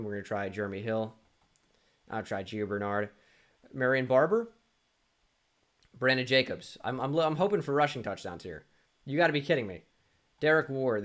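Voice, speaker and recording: A young man at a desk mic, talking to himself as he plays through a quiz. His voice sits in an ordinary middle pitch, and he mutters, restarts and teases himself about his own misses. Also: a bit bright. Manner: muttering, self-deprecating, thinking aloud with frequent restarts. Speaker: gaming YouTuber. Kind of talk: casual self-talk while playing a sports quiz.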